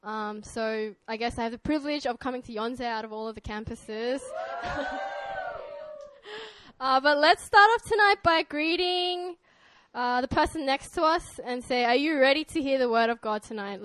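Preaching as a guest pastor, this young woman from Australia keeps a friendly manner, sprinkling in ums, uhs, and light laughter, in her Australian accent. She speaks at a moderate pace in a fairly high, fairly bright voice.

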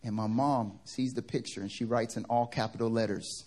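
A male pastor from the American South, preaching a sermon through funny personal stories, animated and joking. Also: medium pitch, moderate pace, hardly any pauses, slight background noise. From Southern United States. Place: church service.

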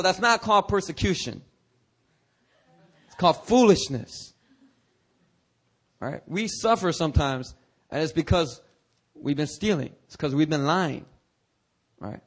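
A male pastor delivers a sermon in a somewhat high voice. He talks frankly with his congregation, then swings into dramatic, rising cries. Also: measured pace, pauses often. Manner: animated, preaching with dramatic outbursts and rising cries; conversational, candid asides to the congregation.

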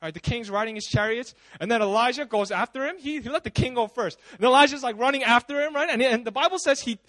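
A pastor preaching at a church service, telling stories in a loose, chatty, animated way full of asides. His voice sits very high for a man, and the sound is dry and close. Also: fast, no echo. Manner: casual, animated storytelling with frequent asides. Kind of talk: sermon.

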